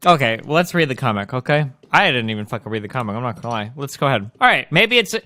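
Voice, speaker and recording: A man's voice: medium pitch, big pitch swings, fast, sharp tone, no echo. A man streaming, ranting at his chat in a profane, combative and sarcastic way. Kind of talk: ranting reaction commentary.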